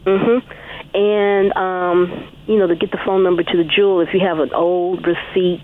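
A woman's voice: fairly low pitch, little pitch movement, measured pace. A friendly, chatty caller shares tips with a radio host. Her voice comes through a thin, tinny phone line. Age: 60s. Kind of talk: casual call-in chat.

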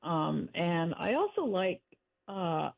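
A woman's voice: on the low side, very animated, slow, gravelly. A woman calling in to a radio show, eager and gushing, hesitating often with ums. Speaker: caller. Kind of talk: casual phone-in chat. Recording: tinny phone line.

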